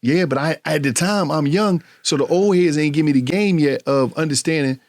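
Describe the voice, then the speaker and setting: A middle-aged man with a somewhat high voice tells stories in an animated, profane way, laughing as he goes. His voice is recorded dry and close, with no room sound. He talks as a guest in a casual conversation. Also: normal speed, no echo.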